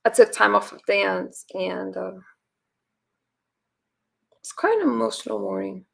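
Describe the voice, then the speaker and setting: A woman in her thirties, hoarse and raspy, chatting casually with her livestream viewers and rambling with sighs and fillers. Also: medium pitch, fairly even intonation, a little slow, fairly bright tone. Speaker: livestream host.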